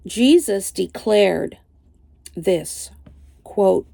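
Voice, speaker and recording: An older woman teaching a Bible lesson, reading slowly and deliberately and citing chapter and verse. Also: mid-range voice, lively intonation, vocal fry, dark tone, no room sound.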